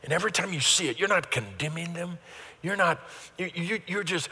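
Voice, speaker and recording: Older male pastor, fairly high bright voice, earnest sermon with rising emphatic peaks, church hall reverb. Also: brisk, breathy edge.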